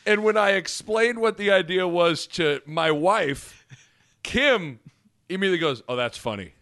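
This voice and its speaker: A man co-hosting a sports podcast in casual chat, animated and self-mocking. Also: high voice, a little slow.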